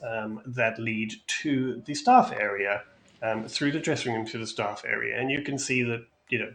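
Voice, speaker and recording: A man narrating a tabletop game as game master, describing the scene in a relaxed way with frequent ums. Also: mid-range voice.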